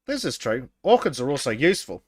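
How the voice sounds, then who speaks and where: A man's voice: medium pitch, big pitch swings, fairly quick, breathy edge, dry recording. A man co-hosting a casual podcast, reading chat comments aloud, laughing often and stumbling over his words.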